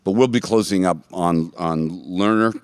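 Casting: a man with a lowish voice, rambling jokey host of a church talk, dry close sound. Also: moderate pace, smooth, no echo. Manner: rambling, jokey, trailing off in soft asides. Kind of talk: casual chat.

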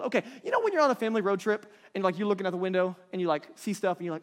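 This pastor, a man in his thirties, talks very fast with few pauses, his high voice swinging widely in pitch. His sermon is conversational, and he frequently checks in with the crowd. A large hall's long reverb fills the sound.

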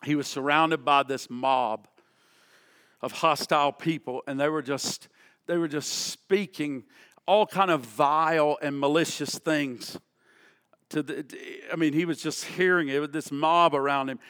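A male pastor preaching an impassioned sermon. He repeats phrases and swings from loud declarations to hushed prayer. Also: a little high, fairly even intonation, measured pace. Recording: long church reverb.

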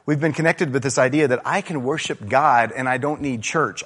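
A man preaching a relaxed, conversational sermon as a pastor, often saying "man" and getting animated. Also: mid-range voice, a little fast, few pauses, slightly rough. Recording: reverberant hall.

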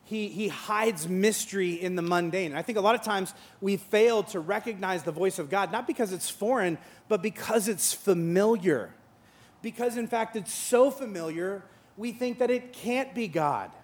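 A man's voice: high voice, normal speed. A male pastor preaching a sermon, mixing playful storytelling and acted-out dialogue with earnest, reflective teaching.

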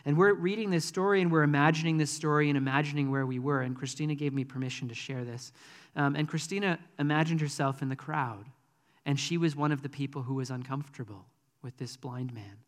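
A man's voice: a little high, steady tone, a little fast, big-room sound. A man preaching a sermon in a conversational, earnest way, with frequent ums. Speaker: pastor.

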